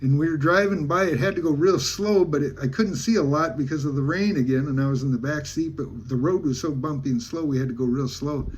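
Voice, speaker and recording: A man's voice: a little high, a little fast, few pauses, a little hiss or hum. A man from Alaska, a travel vlogger, telling a rambling, folksy story in casual talk with many restarts.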